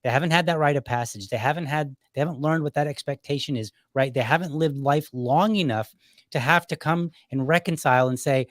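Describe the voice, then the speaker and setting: A woman's voice: low-pitched, brisk, no room sound, studio quality. A woman speaking as a guest on a live panel discussion, conversational, often asking rhetorical questions.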